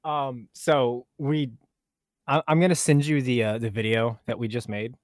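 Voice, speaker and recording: A man's voice: medium pitch, fairly even intonation, measured pace, dry recording. Young male co-host, laid-back joker, mid-range voice, dry close sound. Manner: joking, laughs often, storytelling. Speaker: podcast co-host. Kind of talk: casual chat.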